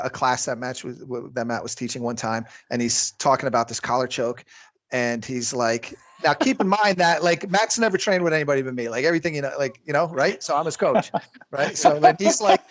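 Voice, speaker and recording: A man's voice: a little high, animated, brisk, a bit bright. A man who coaches jiu-jitsu, chatting casually on a podcast, rambling with lots of fillers and frequent laughs.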